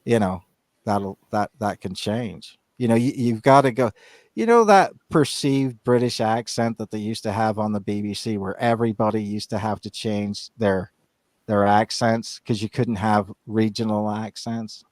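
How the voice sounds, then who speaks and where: Podcast co-host, Northern Irish man, lowish voice, rambling casual talk. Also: normal speed, darkish tone, no echo. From Northern Ireland. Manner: rambling, many restarts and "you know". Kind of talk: casual chat.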